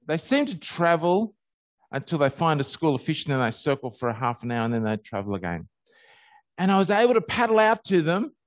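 An Australian man preaching in a relaxed, storytelling way, his voice leaping upward whenever he gets excited. The recording is dry and close, with no room sound. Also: dry recording. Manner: animated storyteller, pitch jumping high on happy moments. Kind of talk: conversational sermon with personal stories.

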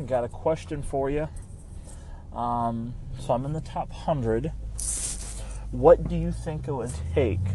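A man leaving a hesitant, curious voice message asking for advice as a caller. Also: mid-range voice. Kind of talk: casual voice message. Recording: outdoor traffic noise.

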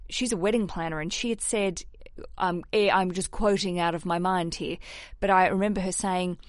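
A woman's voice: lowish voice, normal speed, no echo. Candid woman podcast host, dry sound. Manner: animated and candid, swears freely, laughs at herself. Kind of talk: casual advice chat.

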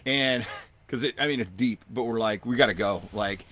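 A man hosting a podcast, telling a long outdoor story in a rambling, animated way and acting out what people said. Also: mid-range voice, normal speed, no room sound. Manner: rambling, animated, acts out quotes. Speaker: podcast host. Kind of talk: casual storytelling.

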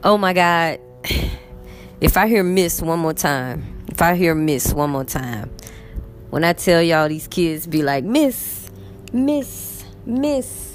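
Brief: Texan woman teacher, lower-pitched, chatty storyteller, soft music faint underneath. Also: measured pace, long pauses. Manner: animated, chatty, acts out quotes. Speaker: English teacher. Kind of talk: casual storytelling vlog. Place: in bed at home.

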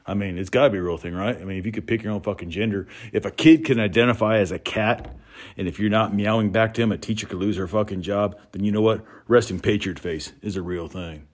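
A man's voice: on the low side, fast talker. A man from North Idaho delivering a folksy, drawling comedic rant from his home workshop, chuckling between lines. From North Idaho, USA. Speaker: comedic monologuist.

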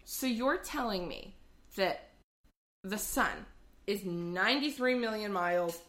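A woman co-hosting a podcast with a bright, clear voice. She rambles through her thoughts in a casual, loose way, filling her speech with "like" and hedging as she talks them out. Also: medium pitch, animated, slow pace. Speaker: podcast co-host. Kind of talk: casual chat.

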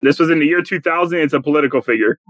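A man's voice: fairly high pitch, racing, fairly bright tone, no echo. A man hosting a podcast, reading quotes aloud in a casual quiz chat and chuckling often.

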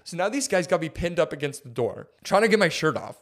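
Young male podcast co-host, casual storyteller, animated, heavy on filler words. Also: fairly high pitch, fast talker, hardly any pauses. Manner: animated, filler-heavy, says "like" and "dude" constantly.

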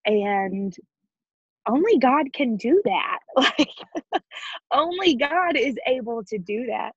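A woman in her thirties speaks with a husky edge, earnest and full of feeling as she tells her faith story. The recording is dry and a little dull, like a lo-fi home setup. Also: on the high side, lively intonation, slow pace, no echo. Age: 30s. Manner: earnest and emotional, often laughing, near tears. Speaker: interview guest. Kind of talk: personal faith story in an interview.

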